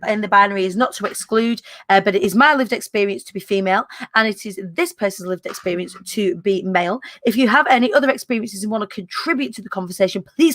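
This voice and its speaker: A woman's voice: medium pitch, fairly bright tone. A woman, hosting a casual live-stream chat in a bubbly way, full of British slang. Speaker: host.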